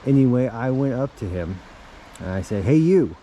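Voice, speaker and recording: A man telling a rambling deadpan comic tall tale, halting often and restarting his sentences. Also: mid-range voice, slight background noise. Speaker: storyteller.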